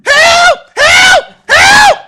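A man voicing a panicked male disciple screaming in a boat, frantic and very high. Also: extremely slow, sharp tone, shouting, heavily acted.

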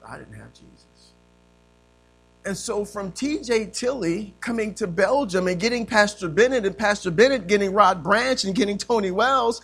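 Man, pastor, sermon testimony, strikingly high voice, loud emphatic lines falling to hushed ones. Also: expressive, moderate pace. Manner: swings between loud emphatic preaching and hushed quiet delivery.

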